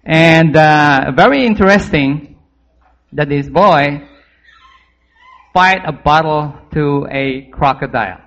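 A man tutoring a child by telling an animated story in halting non-native English. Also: a little high. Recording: dull lo-fi recording.

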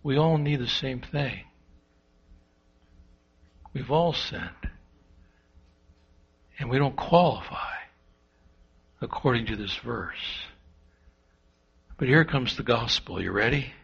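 A man preaching a sermon, swinging between loud and hushed and asking the congregation rhetorical questions. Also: mid-range voice, takes it slowly, creaky, long pauses, husky. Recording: dull lo-fi sound.

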